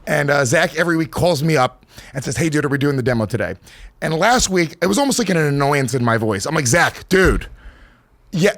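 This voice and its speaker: Man, podcast host, ranting storyteller, slightly high voice, dry close sound. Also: creaky, a bit bright, dry recording. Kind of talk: casual podcast banter. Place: radio studio.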